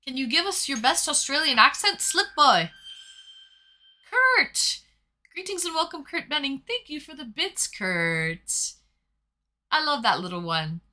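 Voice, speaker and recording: Bright-voiced young woman chatting on stream. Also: high voice, lively intonation, normal speed. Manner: chatty and playful, reads messages aloud. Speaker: livestream host reading chat. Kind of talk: casual live-stream chat.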